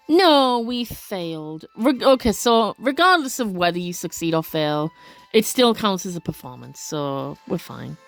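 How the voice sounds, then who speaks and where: A woman doing casual let's play commentary, reading game text aloud with expressive, gasping reactions and chatty asides. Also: on the low side, normal speed, soft background music.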